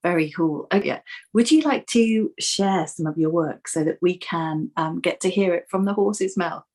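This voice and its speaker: A woman's voice: fairly low pitch, moderate pace, darkish tone. A woman hosting an interview, chatting in a cheerful way and laughing easily. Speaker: interviewer host. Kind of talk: conversational interview.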